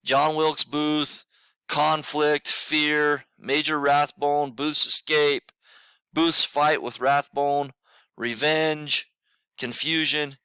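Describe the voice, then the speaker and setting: A man teaches a recorded middle school lesson, loose and repetitive, full of fillers. He sounds sleepy and admits he is not a morning person. His voice is bright and smooth, close and dry. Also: on the high side, little pitch movement, extremely slow, dry recording. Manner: casual, repeats himself, many fillers. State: tired, yawning.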